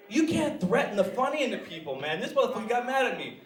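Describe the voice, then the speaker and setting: A man's voice: very high-pitched, sing-song, quick pace. A young man performing crude stand-up, laughing at his own jokes. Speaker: stand-up comedian. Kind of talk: live stand-up routine. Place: small comedy club stage. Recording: roomy live venue from far off.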